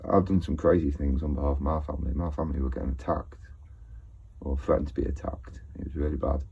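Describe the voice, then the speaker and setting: A man's voice: a bass voice, fairly even intonation, fast talker, gravelly, dark tone, breathy edge, dull audio. A man, talking in a rambling casual monologue to his viewers, hesitant and full of fillers and restarts. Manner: hesitant, many fillers and restarts, laughs often. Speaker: video blogger.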